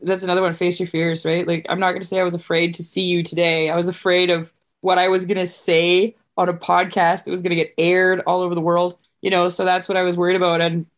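A woman's voice: on the low side, flat delivery, fast talker. A woman guest on a podcast, telling a story in an earnest, heartfelt way. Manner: earnest and heartfelt, tearful at times. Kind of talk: casual chat, telling a story.

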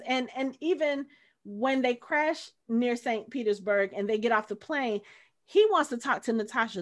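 A woman's voice: on the high side, unhurried. A woman co-hosting a casual podcast, chatting about a film and acting out quotes from its characters. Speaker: podcast co-host. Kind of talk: casual movie discussion.

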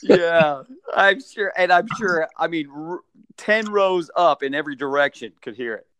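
A man's voice: on the high side, moderate pace, slight background noise. A man hosting a casual chat, telling stories from his time as a sports mascot. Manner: chatty, animated storyteller.

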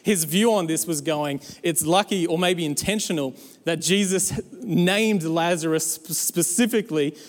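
A man with a high voice preaches a sermon, urging his church on with lively exhortation and playful asides. His voice carries a long reverb that hangs in a large hall. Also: normal speed. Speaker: pastor.

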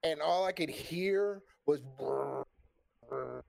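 Speaking at a normal speed in a slightly high voice, a man tells a lengthy tale during a relaxed chat. He's animated and profane, performing the quoted lines of each character.

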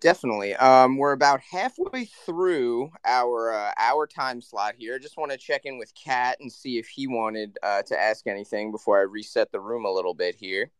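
A man's voice: medium pitch, moderate pace, hardly any pauses, clean tone, no room sound. A man hosting a casual podcast, speaking in loose phrasing full of fillers. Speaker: podcast host.

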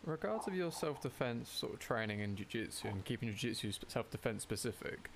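Gravelly guy asking easygoing interview questions, faint hiss behind. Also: medium pitch, lively intonation, a little fast.

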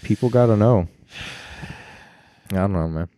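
A man's voice: lowish voice, a little slow, warm tone, no room sound. Profane joking young man co-host. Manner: profane, joking, slips into silly voices. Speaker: podcast co-host. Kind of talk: casual chat.

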